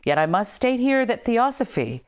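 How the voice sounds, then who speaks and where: A woman's voice: fairly high pitch, very animated, moderate pace, smooth. A woman leading a book study, reading a text aloud with emphatic, dramatic delivery and casual asides in between. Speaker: study group leader.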